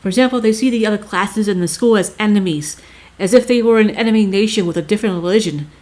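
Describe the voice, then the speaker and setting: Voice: mid-range voice, quick pace, a little mellow, lightly acted. A player voicing a lonely, unusually mature young girl who talks in a blunt, matter-of-fact way. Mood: scornful. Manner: dismissive of classmates, matter-of-fact.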